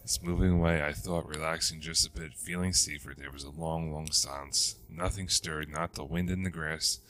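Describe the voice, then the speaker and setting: A man narrating a ghost story in a measured, steady storytelling manner, with small restarts. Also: extremely low pitch, a little hiss or hum.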